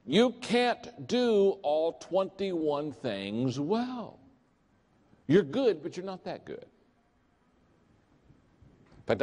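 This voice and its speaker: A man's voice: medium pitch, a little mellow. An older man tells leadership stories to a big audience, his voice rising and falling in wide swings. He acts out every character he quotes. The long reverb of a large hall trails every line. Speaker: leadership speaker. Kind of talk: storytelling keynote talk.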